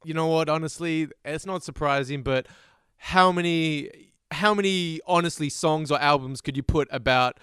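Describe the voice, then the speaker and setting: A man's voice: on the high side, normal speed, hardly any pauses, a bit bright, clean tone, no room sound, clean studio sound. A man with an Australian accent, a guest rapper speaking bluntly and profanely in casual chat. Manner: blunt, profane, short reactions.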